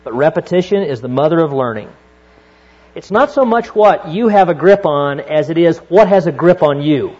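A middle-aged male pastor preaching a sermon, moving from hushed storytelling to fervent exhortation. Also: fairly high pitch, expressive, normal speed. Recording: dull lo-fi recording.

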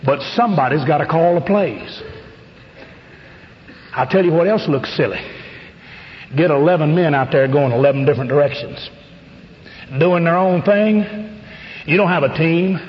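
A middle-aged man preaching a fervent sermon, rising to shouts at the peaks. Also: fairly high pitch, normal speed, pauses often, slight background noise. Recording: dull radio broadcast with long reverb.

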